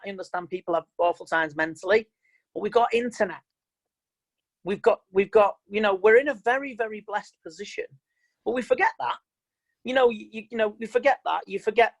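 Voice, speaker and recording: A man's voice: sits high, poor audio. A man giving an online motivational seminar as a mind coach, talking in an emphatic, plain-spoken and repetitive way over a video call.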